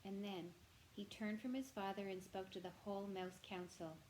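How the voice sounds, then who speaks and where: Brief: woman storybook reader, gentle and expressive, mid-pitched voice, faint hiss behind. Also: moderate pace, poor audio. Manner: gentle, expressive, addresses the listener directly. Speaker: reader of a children's novel. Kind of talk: reading a storybook aloud.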